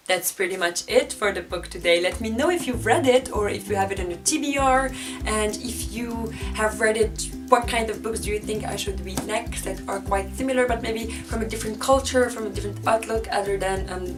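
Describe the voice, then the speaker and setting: A woman's voice: medium pitch, normal speed, over music. A woman reviewing a book in a casual vlog, chatty and enthusiastic, often laughing as she talks. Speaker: book vlogger.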